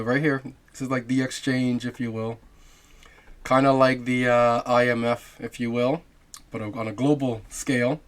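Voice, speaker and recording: A man hosting a crypto channel, musing aloud over on-screen material with rhetorical questions and frequent fillers. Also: medium pitch. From half Jamaican. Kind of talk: casual screen-share commentary.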